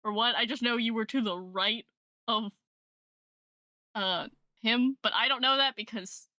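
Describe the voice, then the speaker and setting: A woman playing in a tabletop game over voice chat, giggly and quick to laugh. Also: fairly high pitch, bright, forceful tone, no echo. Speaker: tabletop player.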